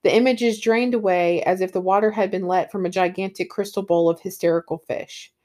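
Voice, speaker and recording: A woman's voice: mid-range voice, fairly even intonation, brisk, a little mellow. Enthusiastic woman book reviewer, casual, reads passages aloud. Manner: enthusiastic, with fillers like um and you know.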